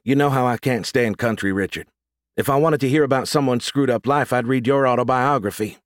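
A curt, bickering woman agent voiced by a man in an audiobook, pitched somewhat above his own voice. She is bossy and quick to snipe, heard dry and close. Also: no room sound, close to an everyday voice. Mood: sniping.

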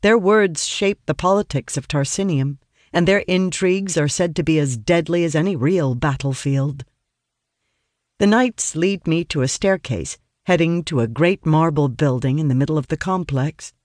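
A man's voice: fairly high pitch, moderate pace, dry recording. Man narrating a fantasy story, dry sound. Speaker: audiobook narrator.

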